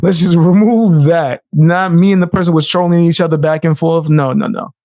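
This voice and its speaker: A man's voice: fairly high pitch, normal speed, mellow, no room sound, studio quality. A man streaming live, reacting to a video with profane, mocking commentary. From United States.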